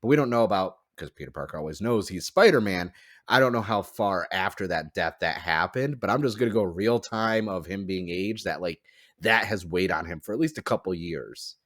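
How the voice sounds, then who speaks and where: Man, low voice, podcast host, rambly casual chat, dry close sound. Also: lively intonation, brisk, a bit bright, no echo. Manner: rambling, full of "like" fillers.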